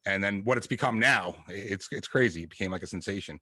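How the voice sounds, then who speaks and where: A man's voice: fairly low pitch, fast talker, sharp tone, no echo, clean studio sound. A man hosting a podcast, asking questions and chatting casually with his guest. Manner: easygoing, laughs along. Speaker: podcast host. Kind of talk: casual interview.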